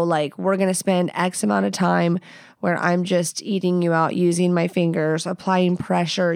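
A woman's voice: mid-range voice, creaky, a little mellow, dry recording, studio quality. A woman hosting a podcast, giving blunt, profane, playful advice in a casual chat. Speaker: podcast host.

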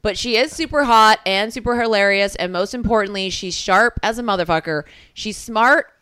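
A woman's voice: mid-range voice, normal speed, sharp tone, clear, resonant tone. A woman co-hosting a podcast in casual chat, brash and profane, teasing her partner. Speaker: podcast co-host.

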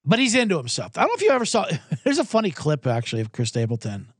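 A man's voice: a little high, huge pitch swings, fast, breathy edge, dry recording, studio quality. A man hosting a sports betting livestream, talking casually and profanely, rambling and reading out viewer comments. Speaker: sports betting show host.

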